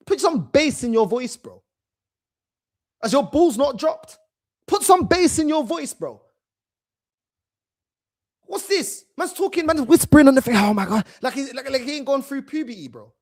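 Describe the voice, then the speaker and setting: A man hosting a fan channel and mocking a video in heated, slangy reaction commentary. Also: very high-pitched. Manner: mocking, loud and animated, slangy, repeats "bro".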